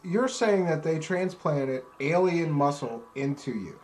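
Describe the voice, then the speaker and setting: A man's voice: a little high, expressive, a little slow, a little mellow. Insistent male interview host. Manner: insistent, pressing for a direct answer. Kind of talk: interview questioning.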